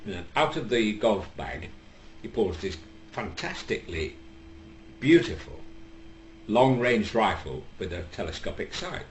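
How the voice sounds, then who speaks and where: An older man with a Northern English accent telling a long, rambling comic story, deadpan and full of hesitations. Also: lowish voice, a little slow, long pauses. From England. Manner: deadpan, digressive, lots of hesitations. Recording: echoey room with faint background hum.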